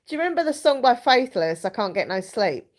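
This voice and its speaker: A woman's voice: on the high side, very animated, fairly quick. A young woman hosting a casual live chat from home, rambling and giggling as she reads viewers' comments. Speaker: live stream host.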